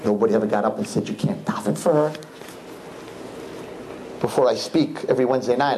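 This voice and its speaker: A man preaching as a rabbi, fervent, swinging from soaring high cries to low hushed pleading. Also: fast talker, long pauses, rough recording. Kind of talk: impassioned sermon.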